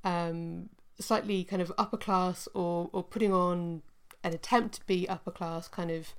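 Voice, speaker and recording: A woman co-hosting a podcast, chatting casually and thoughtfully about a TV series, often pausing with ums. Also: fairly low pitch, steady tone, clean tone. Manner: thoughtful, hesitant with frequent ums. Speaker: podcast co-host.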